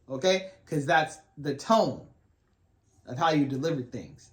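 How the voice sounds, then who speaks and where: A man co-hosting a faith-based podcast with his wife, giving relaxed, folksy advice to married men. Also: fairly high pitch, normal speed. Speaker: podcast co-host. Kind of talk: faith-based casual chat.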